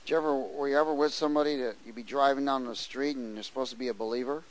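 A man's voice: mid-range voice, racing, poor audio. A man preaching a sermon, telling personal stories animatedly and acting out the voices of people he met. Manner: animated storytelling, acts out voices, frequent restarts.

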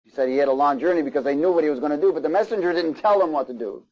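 A man's voice: a little high, very fast, darkish tone. A man preaching a sermon, reading scripture aloud and stopping for asides and questions to the congregation. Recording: slightly dull, lo-fi sound.

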